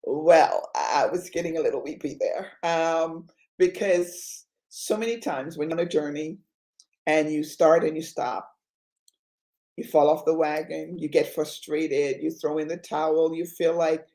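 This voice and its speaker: A woman's voice: low-pitched, fairly even intonation, unhurried, mellow. Woman, faith talk show host, exhorting preacher cadence, emotional, roomy echo. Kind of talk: Christian talk show hosting.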